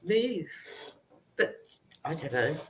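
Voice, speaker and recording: A woman's voice: sits low, very animated, slow pace, fairly bright tone, a little hiss or hum, rough recording. A middle-aged woman in casual chat, telling stories about family pets and laughing as she goes. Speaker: guest healer.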